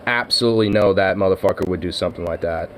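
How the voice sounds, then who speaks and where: A man with a low voice talks fast on his own vlog, with a slight hiss or hum behind him. He rambles casually, swears, laughs, and uses plenty of filler words.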